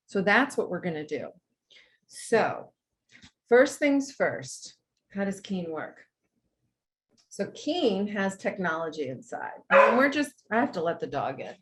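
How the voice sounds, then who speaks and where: A woman hosting a webinar from home over a video call, chatty and enthusiastic as she shares her own story and teaches. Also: medium pitch. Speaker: webinar presenter. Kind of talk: friendly instructional talk with personal story. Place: home with dogs.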